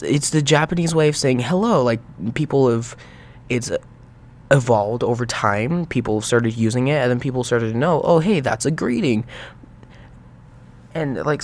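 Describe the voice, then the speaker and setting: A young man in exasperated, sarcastic reaction commentary, swearing freely as he rants. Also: mid-range voice.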